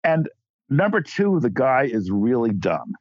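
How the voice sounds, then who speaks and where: Blunt guest guy, restarts a lot, mid-pitched, dry lo-fi sound. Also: sing-song, unhurried, dry recording. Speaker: guest journalist. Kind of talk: casual political talk.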